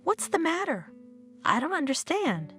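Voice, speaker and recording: Worried gentle husband in a storybook, read by a woman, animated pitch. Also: a little slow, soft background music, full character voice. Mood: pleading.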